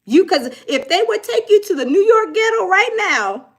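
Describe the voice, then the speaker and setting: A woman's voice: very high voice, sing-song, normal speed. A woman, giving casual, preachy commentary on crime news with mocking quotes. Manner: conversational, preachy and storytelling, with mocking put-on quotes. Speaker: commentary host.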